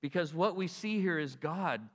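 A man preaching a sermon in an animated way, acting out God's words and asking his listeners questions. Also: a little high, moderate pace, in a large hall. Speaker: pastor.

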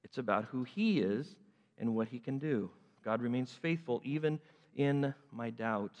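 A man's voice: mid-range voice, unhurried, darkish tone. A man preaching a sermon, acting out the story animatedly in different voices. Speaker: pastor. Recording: long hall reverb.

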